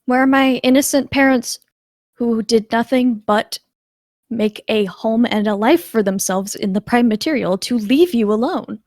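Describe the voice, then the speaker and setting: A woman voicing a young woman in a tabletop game who urgently demands answers about her parents in a high, pleading voice. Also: big pitch swings, fast talker, sharp tone, dry recording, clean studio sound, exaggerated voice. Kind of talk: tabletop game role-play.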